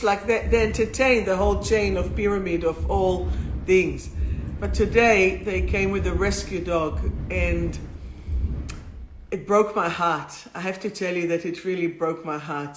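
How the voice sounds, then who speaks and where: A woman hosting a live-streamed spiritual talk, speaking into two phones in a warm, rambling, emotional way. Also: mid-range voice, a little slow, slight background noise. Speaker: spiritual healer and host. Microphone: two phones streaming at once. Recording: roomy echo.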